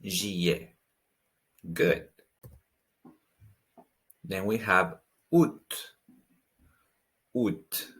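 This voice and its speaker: Slow, deep-voiced man teaching pronunciation. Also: fairly bright tone. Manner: slow, patient, repeats each word twice. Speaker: language teacher.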